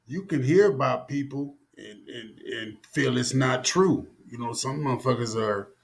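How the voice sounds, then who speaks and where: A man co-hosting a casual live-stream talk, speaking in a slangy drawl with quick agreeing asides. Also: medium pitch, gravelly. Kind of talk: casual chat.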